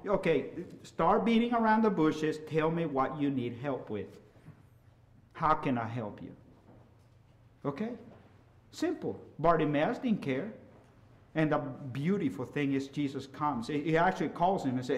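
A middle-aged man preaching a sermon, swinging from loud, impassioned hollering down to soft, quiet asides. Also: fairly high pitch, moderate pace.

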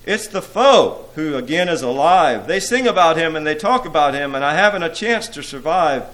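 A man's voice: a little high, expressive, moderate pace, a bit bright, voice pushed up, poor audio. A man voicing a sulky, mumbling male demon of boredom.

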